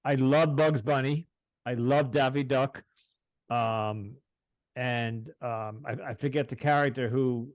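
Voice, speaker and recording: Long Island-accented man, halting host. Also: medium pitch, steady tone, no room sound. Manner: halting, many fillers and throat clearing. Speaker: podcast host. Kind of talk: interview.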